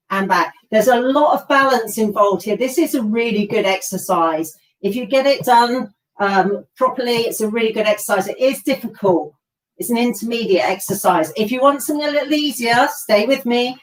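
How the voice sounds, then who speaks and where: A woman's voice: fairly high pitch, reverberant, recorded from a distance, low-quality recording. Encouraging woman coaching a workout. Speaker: fitness instructor. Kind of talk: live workout class instruction. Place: home or hall workout space.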